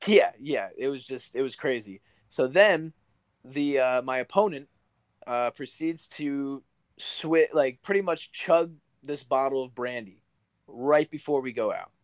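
A man's voice: mid-range voice, animated, a little slow, no echo. A young man, a guest pro wrestler, telling stories in a casual interview, rambling with lots of likes and you-knows.

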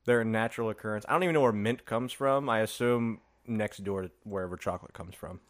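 A man's voice: lowish voice, fast. A man co-hosting a casual podcast chat, joking and teasing his co-host while tasting cookies. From Indiana. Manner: joking, teasing, laughs often. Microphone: headphones and studio mic.

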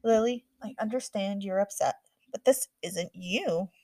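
A woman's voice: medium pitch, measured pace, mellow, no echo, studio quality. A woman reading the part of a worried, stern mother scolding her daughter, firm and exasperated.

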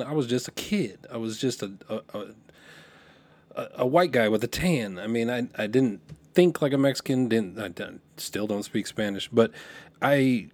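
With no room sound at all, a medium-pitched middle-aged man hosts a podcast and loosely recalls a story from his youth. He rambles, keeps restarting and fixing his sentences, and becomes animated when quoting others.

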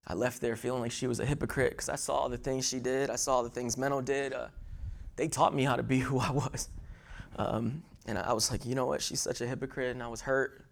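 Male pastor, middle-aged, emphatic sermon delivery with big loud-to-quiet swings and repeated restarts. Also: mid-range voice, fairly even intonation, brisk, creaky, slight background noise. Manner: repeats words and restarts while telling a personal story.

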